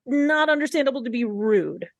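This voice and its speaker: A woman's voice: sits high, lively intonation, normal speed, gravelly. A woman co-hosting a podcast, recapping a TV episode in casual chat, blunt and indignant, with some swearing. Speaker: podcast co-host.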